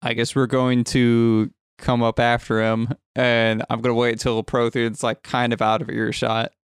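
A man's voice: mid-range voice, completely flat delivery, measured pace, clear, resonant tone, no room sound, studio quality. A man playing a tabletop game, making wry joking asides. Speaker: player. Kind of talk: casual chat at a tabletop game.

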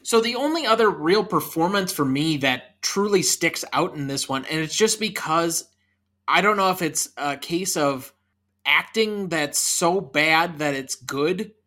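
A man's voice: a little high, sharp tone. A man in his thirties co-hosting a casual movie podcast, chatty and leading the talk with trivia. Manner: chatty, leads the discussion with trivia. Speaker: podcast co-host.

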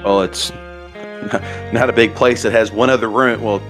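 A man narrating a tabletop role-playing game as game master, in a halting way with pauses and fillers. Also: on the low side, fairly even intonation, fairly bright tone, faint music behind.

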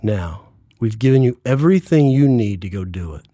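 Guest: man in his 60s, earnest testimony, mellow husky voice, dry sound. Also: fairly low pitch, animated, moderate pace, dry recording. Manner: earnest, acts out quoted dialogue. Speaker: podcast guest. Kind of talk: faith testimony in interview.

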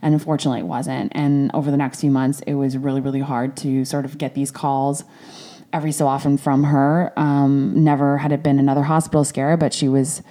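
A woman with a low, dark and mellow voice speaks openly about a hard personal experience. She is frank, swears freely and often restarts her sentences, with raw emotion close beneath the surface. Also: flat delivery, brisk. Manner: emotional, at times near tears. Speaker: storyteller recounting a family crisis. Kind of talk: candid personal monologue.

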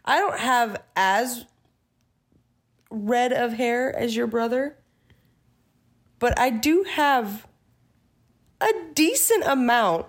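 A woman's voice: a little high, lively intonation, takes it slowly, long pauses. A young woman co-hosting a podcast, chatting casually and rambling through stories while acting out what people said. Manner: rambling storyteller, acts out quoted dialogue. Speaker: podcast co-host. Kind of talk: casual chat.

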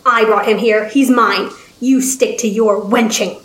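A woman's voice: on the high side, steady tone, unhurried, fairly bright tone. A woman reading a story, voicing an arrogant, domineering baron scientist who speaks in a haughty, commanding way. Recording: roomy echo.

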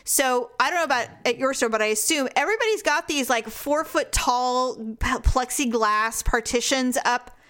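A woman's voice: high voice, moderate pace, few pauses. A young adult woman from Northern California, co-hosting a casual chat and telling funny stories with frequent laughs. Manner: storytelling, animated, laughs often. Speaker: podcast co-host.

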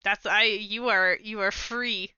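A woman's voice: medium pitch, fairly even intonation, takes it slowly, sharp tone, clean tone, no echo, dull audio. A young woman co-hosting a game podcast, making dry, wry remarks in casual chat, often restarting her sentences. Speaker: podcast co-host.

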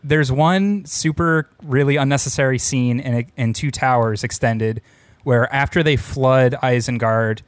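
A man's voice: medium pitch, measured pace, dry recording. A man in casual conversation, retelling movie scenes and putting on silly voices for characters.

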